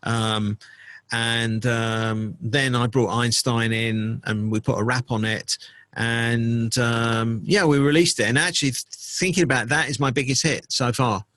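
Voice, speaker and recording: A middle-aged man, a DJ and producer, recalling his career in a casual interview, relaxed and full of fillers. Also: mid-range voice, unhurried, no echo. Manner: relaxed storytelling with many fillers.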